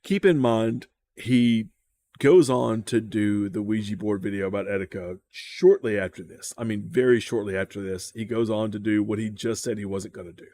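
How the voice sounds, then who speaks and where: Male reaction host, lowish voice, casual and profane, stammers and repeats words. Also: normal speed, mellow. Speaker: commentary host.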